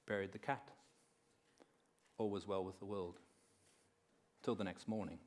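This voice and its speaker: A man giving a conference talk on faith, telling stories in a measured way and dropping quiet for effect. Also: low-pitched, fairly even intonation. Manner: measured storyteller who drops quiet and slows for effect. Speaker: conference speaker. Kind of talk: talk on faith woven with storytelling.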